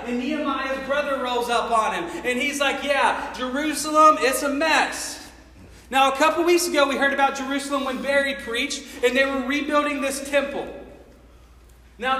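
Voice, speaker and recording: A man with a very high, bright voice preaches in a relaxed, slangy style. He acts out quoted lines as he tells the story. The sound is roomy, with a long echo from a large church hall. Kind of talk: sermon. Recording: echoey hall with long reverb.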